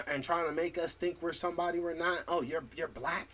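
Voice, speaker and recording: A man with a husky, slightly high voice delivers a heated, profane rant to his viewers. He keeps clearing his throat as he reads dictionary definitions aloud and argues with each one. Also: moderate pace, sharp tone. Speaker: vlogger. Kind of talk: angry ranting monologue.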